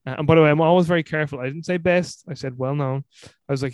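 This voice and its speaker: A man in his thirties from Ireland with an Irish accent, hosting a podcast in animated casual chat. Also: on the high side, racing, no room sound. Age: 30s. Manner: animated, laughing, acts out quotes. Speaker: podcast host.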